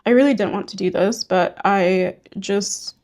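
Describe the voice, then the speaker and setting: Gentle young woman with a gravelly edge. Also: mid-range voice, measured pace. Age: young adult. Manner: gentle, reassuring, rambling with many "like" fillers. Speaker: beauty and hygiene vlogger. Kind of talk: casual talk to camera while doing hygiene.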